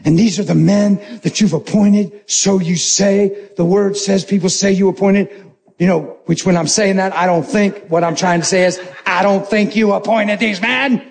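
Male pastor, high voice, animated and joking sermon storytelling. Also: moderate pace, vocal fry.

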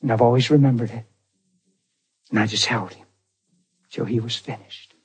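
A man preaching a personal testimony, acting out the dialogue, swinging from near shouts to hushed tones. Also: mid-range voice, steady tone, moderate pace, slightly rough. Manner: acts out dialogue in his story. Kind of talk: testimony sermon.

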